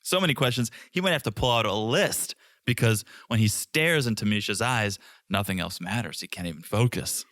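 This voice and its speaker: A man's voice: lowish voice, fairly quick, few pauses, a bit bright, no echo, studio quality. A man co-hosting a podcast, recapping scenes and teasing his co-host in a playful way. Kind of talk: casual chat.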